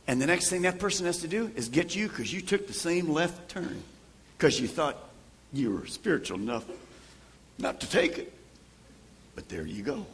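Older man, pastor, sermon, lively swooping pitch, bright tone, acts out conversations. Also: creaky, a little hiss or hum. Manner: animated preacher acting out conversations, shifting from loud to hushed.

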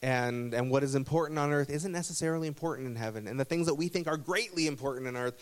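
A man's voice: on the high side, quick pace. A man preaching a sermon as pastor, conversational, telling a story with small self-corrections.

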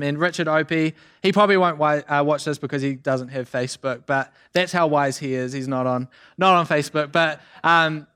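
A young man preaching a sermon as youth pastor, energetic and chatty with many asides and fillers. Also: a little high, smooth. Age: young adult.

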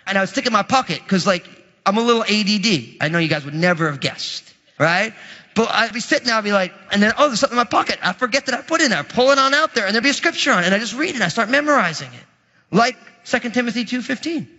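Pastor, male, high voice, energetic humorous sermon, big church reverb. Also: fast. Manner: energetic, humorous, conversational preaching. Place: church sanctuary. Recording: muffled audio with long hall reverb.

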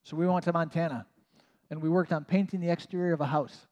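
A man's voice: fairly high pitch, fairly even intonation, quick pace, darkish tone, highs cut off. A man preaching a conversational sermon as a pastor, casual and self-mocking, with many "like" asides. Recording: long reverb of a large hall.

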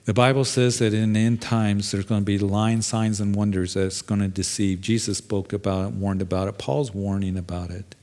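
A man's voice: fairly low pitch, steady tone, moderate pace, hardly any pauses, darkish tone. A middle-aged pastor preaching a sermon in a conversational, plain-spoken way, acting out quoted voices as he goes.

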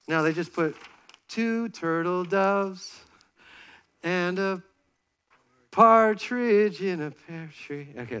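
Lively pastor, slightly high voice. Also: male voice. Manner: lively, joking, directs volunteers on stage. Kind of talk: sermon with on-stage demonstration. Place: church stage before a congregation.

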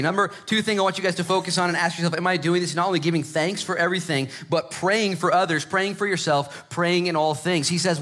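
Casual preacher guy, jokes around, swings from hushed to loud and excited. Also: high voice. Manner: swings between hushed, slow emphasis and loud, excited stretches; conversational, joking preacher. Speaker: pastor. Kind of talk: sermon.

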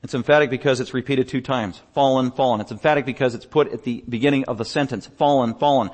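A man preaching a sermon as pastor, emphatic, building up in pitch and volume on repeated lists. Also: fairly even intonation, fast.

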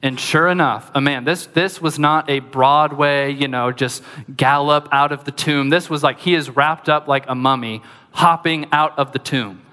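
Bright-voiced preacher in a reverberant hall. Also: male voice, on the high side, normal speed. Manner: lively, conversational preaching with asides. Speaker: pastor. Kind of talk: sermon.

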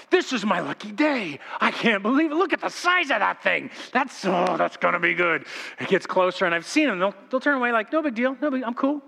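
Male pastor, fairly high pitch, animated and joking sermon delivery, church sanctuary echo. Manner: animated storytelling, informal and joking. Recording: long church hall reverb.

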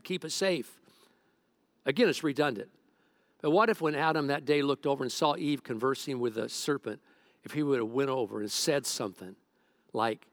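Man, middle-aged, pastor, sermon, joking storyteller, slightly high voice, dry close sound. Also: no echo.

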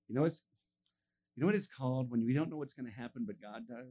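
A male pastor tells a story from the pulpit with lively energy. He acts out every voice in it and laughs as he goes. The sound is a little dull. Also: mid-range voice, quick pace. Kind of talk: sermon storytelling.

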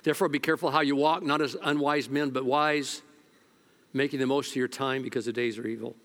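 An older man preaching a sermon as pastor, colloquial and animated, swinging from loud exhortation to hushed storytelling and repeating words when worked up. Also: mid-range voice, brisk.

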